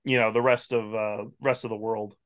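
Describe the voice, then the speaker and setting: A man guesting on a podcast, riffing in casual chat with animated rhetorical questions. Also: fairly low pitch, normal speed.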